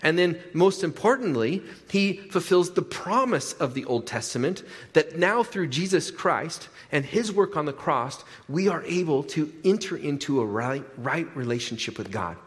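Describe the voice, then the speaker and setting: Male pastor, conversational sermon delivery, emphatic repetition, slightly high voice, long hall reverb. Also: fairly bright tone.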